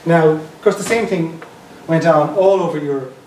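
A man's voice: a little high, normal speed, darkish tone. A man with a South County Dublin accent giving an informal public lecture, talking in a conversational, digressive way and restarting his phrases. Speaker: guest lecturer. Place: lecture room in an archive building. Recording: roomy, distant mic, faint background noise.

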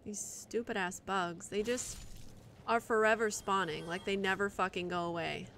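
A woman's voice: mid-range voice, steady tone, moderate pace, a bit bright, a little hiss or hum. A woman streaming live gameplay commentary, muttering and swearing in frustration at the game as she plays.

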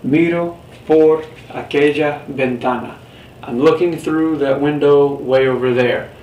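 A fairly high-pitched male voice, fairly even in intonation, measured, and a little mellow, delivers a recorded Spanish lecture. The distant mic gives roomy sound with faint hiss, and he patiently explains step by step while questioning his students.

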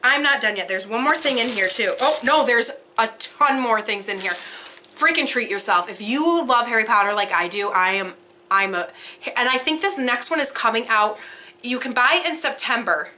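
A young woman excitedly unboxing a subscription box for her vlog, gushing and exclaiming as she goes. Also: a little high, moderate pace. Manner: gushing, breathless, frequent exclamations.

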